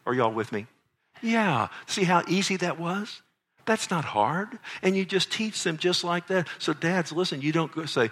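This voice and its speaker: Lively pastor preaching. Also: male voice, fairly high pitch, normal speed. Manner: animated, rhetorical questions, acts out child's voice. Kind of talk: sermon. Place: church sanctuary.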